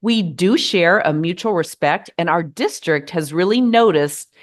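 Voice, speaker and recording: A middle-aged American woman speaks in a slightly low voice, earnest and measured. Her advice comes in a gently encouraging monologue, each point laid out steadily. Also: lively intonation. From United States. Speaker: podcast host.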